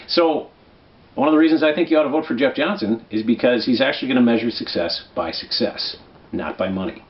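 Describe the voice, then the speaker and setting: A man from Minnesota walks through an election guide in a relaxed, persuasive monologue, checking in with his listener now and then. His voice sits at a middle pitch, and the recording sounds dull and slightly lo-fi. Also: brisk. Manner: conversational, persuasive, checks in with "right?". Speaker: political commentary host.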